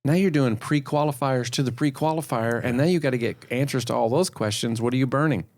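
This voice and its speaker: A man's voice: mid-range voice, fast talker, darkish tone. A man co-hosting a casual podcast about selling insurance, emphatic and playful as he explains his points. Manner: emphatic and playful, acts out client exchanges. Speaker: podcast co-host and insurance sales trainer.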